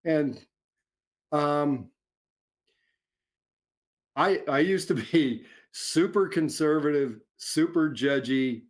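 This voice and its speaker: A middle-aged man, an author answering interview questions in a relaxed way, chuckling often and restarting his sentences as he rambles. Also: a little high, drawn-out words, long pauses. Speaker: author guest. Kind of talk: casual interview chat.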